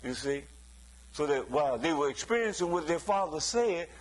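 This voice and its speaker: A man with a fairly high voice delivers a sermon as if he were chatting with the congregation. He keeps checking in with "you see?", chuckles now and then, and slips into other people's voices to act out everyday scenes. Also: expressive, moderate pace, poor audio. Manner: conversational preaching with frequent rhetorical "you see?"; chuckles between points, acts out quoted voices. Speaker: preacher.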